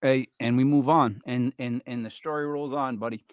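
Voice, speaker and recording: A man's voice: medium pitch, fairly even intonation, normal speed, clear, resonant tone, dry recording, narrow, tinny audio. A man hosting a live podcast, rambling and teasing his co-hosts, with lots of fillers. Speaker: podcast host. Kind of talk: casual banter on a live show.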